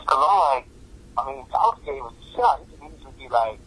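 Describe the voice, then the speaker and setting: A middle-aged man with a husky, slightly rough voice tells a long story in an interview. He talks in a loose, slangy way, stacking fillers and restarts and jumping into quoted voices of other people. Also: expressive, fast talker, a bit bright, poor audio. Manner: rambling, slangy, full of fillers, acts out quoted voices in a high pitch. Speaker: music producer, interview guest.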